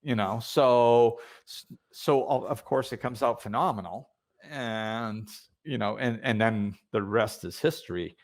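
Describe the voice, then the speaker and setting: A man's voice: medium pitch, unhurried. A man hosting a podcast, telling a spiritual story in a loose, casual way full of fillers and restarts. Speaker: podcast host.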